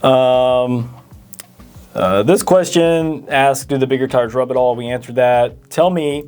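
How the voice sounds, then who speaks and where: A man's voice: mid-range voice, unhurried, a little mellow, clean tone. A man co-hosting a parts store Q&A, reading viewer questions and often stammering through fillers. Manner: hesitant, stammering with many fillers. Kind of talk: casual Q&A chat.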